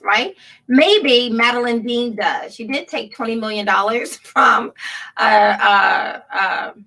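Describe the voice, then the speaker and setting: A woman with a high, bright voice delivers sarcastic political commentary. She speaks slowly, laughs often and reads headlines aloud. Her voice sits a little back from the microphone. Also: recorded from a distance, low-quality recording. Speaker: show host.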